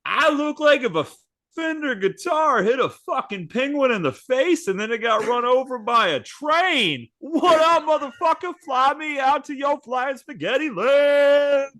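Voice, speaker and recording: A man's voice: expressive, unhurried, full character voice. A man doing a brash shrieking trash-talking woman. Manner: loud, high-pitched, swaggering.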